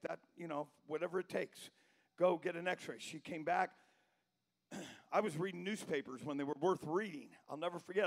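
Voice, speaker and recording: Gravelly preaching pastor, high voice. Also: male voice. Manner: storytelling, building to shouted preaching. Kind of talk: sermon.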